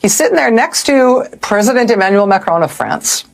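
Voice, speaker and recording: A woman delivers news commentary with a sardonic, incredulous edge. Her pitch swings in an animated way and sits a bit high for a woman. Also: moderate pace, gravelly. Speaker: news show host.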